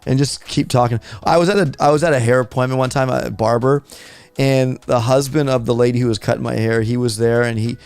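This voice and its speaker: A man's voice: medium pitch, steady tone, fairly quick, a little mellow, clean tone, no echo. A man in his thirties hosting a gaming live stream, chatting casually and rambling with frequent restarts. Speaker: gaming channel host.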